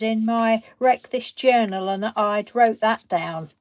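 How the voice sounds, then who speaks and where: A woman's voice: fairly high pitch, takes it slowly, few pauses. A woman, hosting a craft live stream in a chatty, rambling way, laughing often. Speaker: craft channel host. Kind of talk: casual live-stream chat.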